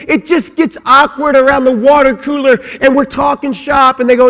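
A man with a high voice preaches a sermon in a large hall. He swings from quiet, low talk up to loud shouting. His words trail off into a long reverb. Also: fairly even intonation, moderate pace. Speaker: pastor.

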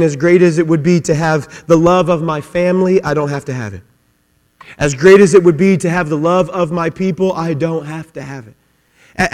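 A male preacher delivering a sermon with a notably high-pitched voice. He talks with passion, circling back over his phrases and pushing them harder as he builds. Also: darkish tone, big-room sound. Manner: impassioned, repeats phrases, builds to rising fervor.

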